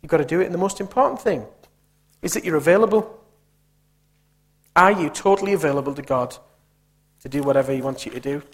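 Male preacher, slightly high voice, rhetorical and emphatic sermon delivery. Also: a little fast, pauses often. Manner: emphatic, punchy, rhetorical questions.

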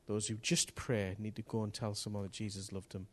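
A man preaching a sermon to a congregation, impassioned and building to loud bursts. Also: fairly low pitch, little pitch movement, a little fast. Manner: impassioned, rising to loud outbursts. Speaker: pastor. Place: church hall with congregation.

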